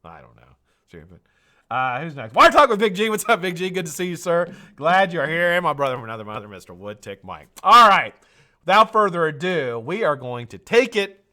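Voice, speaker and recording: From a home studio, an American man hosts a live stream in a little high, slightly fast voice. He's lively and chatty, greeting viewers by name and jumping between shout-outs and tangents.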